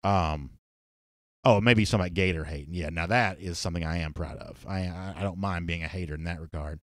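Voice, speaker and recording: Low-voiced man hosting a sports show. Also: brisk, dry recording, studio quality. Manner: relaxed, rambling, many restarts and fillers. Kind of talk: casual live show chat, reading viewer comments.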